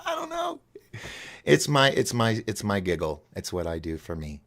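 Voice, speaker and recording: Giggly man with a gravelly low voice. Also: expressive, moderate pace, a bit bright. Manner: giggly, laughs often at his own jokes; rambling, restarts and trails off. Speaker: host of a call-in show. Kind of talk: casual rambling monologue.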